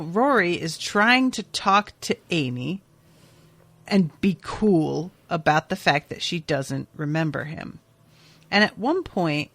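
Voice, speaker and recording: In a laid-back podcast recap of a TV episode, a female host chats expressively and swears now and then. She has a lowish voice, and the recording is dry.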